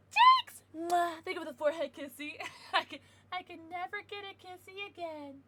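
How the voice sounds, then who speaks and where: Excitable high-voiced young woman streamer. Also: fairly quick. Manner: excitable, squealing, giggly. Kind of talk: casual livestream chat while opening cards.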